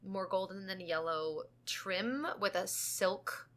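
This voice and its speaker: A woman co-hosting a casual podcast with a bright, sharp tone. She rambles through her stories and giggles along the way. Her pitch is average for a woman. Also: slow. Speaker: podcast co-host. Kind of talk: casual chat.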